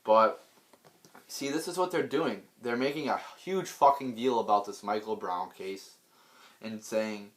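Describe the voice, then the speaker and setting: A man's voice: on the low side, a little slow, fairly bright tone. A man delivering an unscripted political rant, blunt and profane, rambling with many restarts and repeated words. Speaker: political vlogger.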